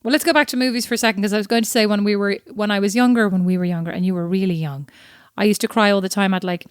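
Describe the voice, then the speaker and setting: A woman's voice: mid-range voice, fairly even intonation, very fast, clean tone, dry recording, clean studio sound. A woman co-hosting a podcast, casually telling self-mocking stories and laughing at herself. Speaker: podcast co-host. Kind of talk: casual chat.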